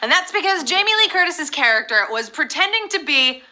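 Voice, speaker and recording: A woman hosting a live trivia game show, chatting casually in a bubbly, playful way with quick asides. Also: high voice, very animated, sharp tone. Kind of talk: casual chat.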